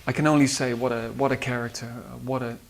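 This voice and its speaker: There is slight background noise along with faint guitar music as a Dutch composer reminisces in an interview about his singers. His medium-pitched voice is steady and fast, his accent is Dutch, and he hesitates often with fillers and restarts.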